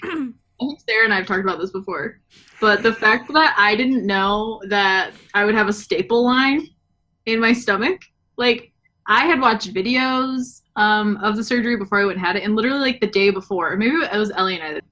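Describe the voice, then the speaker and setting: Young woman, podcast guest, bright tone, giggly, acts out quotes. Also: a little high, moderate pace. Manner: giggly storyteller who acts out quoted dialogue. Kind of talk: casual podcast chat.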